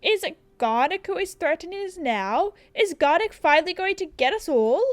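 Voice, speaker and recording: A woman's voice: very high voice, lively intonation, moderate pace, no room sound, studio quality, voice pushed up. A woman with an Australian accent voicing a panicky, melodramatic male village councilman in a video game. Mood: panicked. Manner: dramatic, alarmed, pleading.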